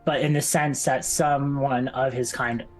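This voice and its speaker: A man's voice: medium pitch, fairly even intonation, a little slow, a little hiss or hum. A man playing a tabletop game, describing his character's thoughts in a rambling, hesitant way. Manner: rambling, hesitant, many restarts. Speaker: player.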